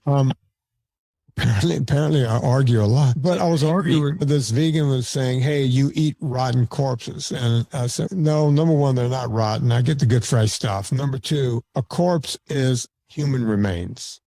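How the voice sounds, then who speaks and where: On a podcast where he appears as a guest, a male documentary filmmaker speaks in a mid-range, warm voice at a moderate pace, with no room sound. The casual conversation finds him blunt and argumentative, often stammering and restarting.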